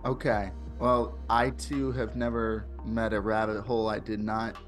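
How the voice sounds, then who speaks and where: A man's voice: lowish voice, level tone, measured pace, soft background music. A man with a Midwestern American accent hosting a podcast over a video call, chatting casually and rambling with lots of fillers. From St. Louis, USA. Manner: rambling, digressive, many fillers. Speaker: podcast host.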